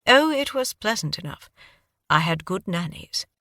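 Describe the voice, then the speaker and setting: A man's voice: sits high, big pitch swings, measured pace, sharp tone, dry recording, studio quality, exaggerated voice. A woman voicing an urbane, self-deprecating man with a British accent, a refined scholar in an audiobook. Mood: wry. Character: refined British-raised male scholar, wry.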